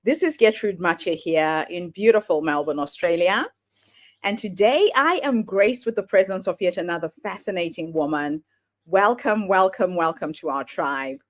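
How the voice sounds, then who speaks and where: A woman's voice: fairly low pitch, expressive, normal speed. A woman hosting a podcast, welcoming her guest with an effusive greeting. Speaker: podcast host.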